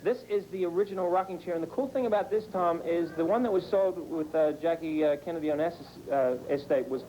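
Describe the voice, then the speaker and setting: A man's voice: a little high, quick pace, mellow, low-quality recording. A man working as a field reporter, giving an upbeat, chatty on-location TV report from indoors. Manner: upbeat, chatty, addresses the anchor by name. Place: indoor collection room on location.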